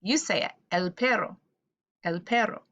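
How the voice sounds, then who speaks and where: Slowly and clearly, a woman leads a children's Spanish vocabulary lesson in a call-and-repeat style, patiently saying words for listeners to echo back. Her mid-range voice has a fairly bright tone, and a little background noise can be heard.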